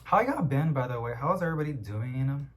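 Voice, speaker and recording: A young man chatting casually at home about plants he is unboxing, rambling and getting excited as he goes. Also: medium pitch, brisk. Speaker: plant vlogger.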